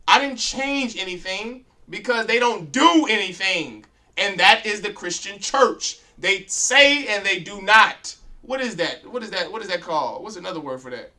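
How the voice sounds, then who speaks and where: A man's voice: high-pitched, animated, moderate pace, sharp tone. A man teaching a class in a preaching style, blunt and confrontational, firing rhetorical questions at his students. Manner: blunt, crude street talk.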